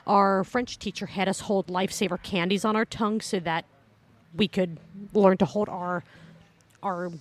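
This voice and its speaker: A woman's voice: mid-range voice, steady tone, moderate pace. A woman co-hosting a podcast in casual chat, chatty and teasing. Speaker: podcast co-host.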